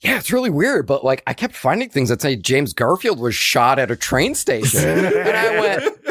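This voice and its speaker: A man's voice: medium pitch, moderate pace, no room sound, clean studio sound. A man, a podcast co-host telling a long funny story in casual chat and acting out the voices of the people in it. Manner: animated, acts out quoted voices, swears freely.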